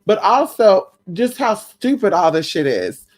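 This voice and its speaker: A woman's voice: medium pitch, big pitch swings, unhurried, darkish tone. A tired woman hosting a casual live stream, chatting to her viewers and calling them girl and honey.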